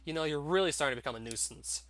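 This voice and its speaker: A man's voice: a little high, very fast, a bit bright, lightly acted. A man putting on a sneering abusive father. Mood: menacing, taunting. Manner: taunting, mocking.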